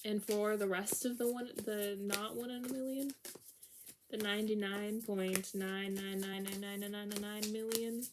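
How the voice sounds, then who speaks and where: A woman's voice: medium pitch, steady tone, measured pace, background noise. A young woman giving a casual tarot reading, candid and exasperated, laughing often and swearing freely. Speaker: tarot reader.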